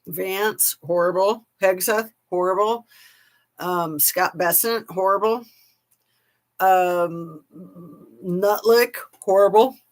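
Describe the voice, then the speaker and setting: A woman's voice: medium pitch, slow. A woman commentator chatting casually to her camera, with scornful asides. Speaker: YouTube commentator.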